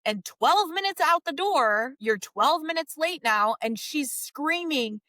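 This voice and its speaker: A woman's voice: high-pitched, animated, slow pace, hardly any pauses, pushed and bright, dry recording. A woman marriage coach giving direct, emphatic advice to husbands in a podcast monologue.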